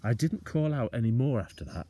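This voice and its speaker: A male teacher reading a children's book aloud, expressive and slowing down for suspense. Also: medium pitch.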